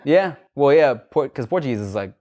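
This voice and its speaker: A man's voice: mid-range voice, expressive, brisk, a little mellow. A man hosting a podcast, telling stories in a laid-back, jokey way with plenty of swearing. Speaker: podcast host. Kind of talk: casual chat.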